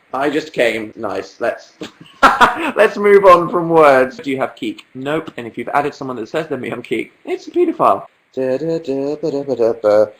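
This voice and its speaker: A young man talks into his webcam mic from the sofa at home, reading out viewer questions. His humor is dry and self-mocking, with plenty of deadpan asides. The tone stays casual throughout. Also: medium pitch, poor audio. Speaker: livestream host. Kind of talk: casual livestream chat.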